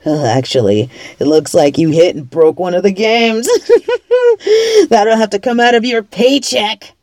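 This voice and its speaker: A woman's voice: fairly low pitch, moderate pace, a little mellow, no room sound, lightly acted. A woman voicing a cocky, mean female bunny villain who taunts and swears in an audio role-play. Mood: taunting. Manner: taunting, mocking, swears a lot.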